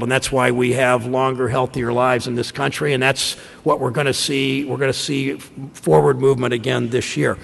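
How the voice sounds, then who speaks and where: Gravelly-voiced man giving a speech. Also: medium pitch. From Ohio. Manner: folksy storytelling, halting restarts. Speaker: senator. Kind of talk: speech to a conference audience. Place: large conference room. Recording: long hall reverb.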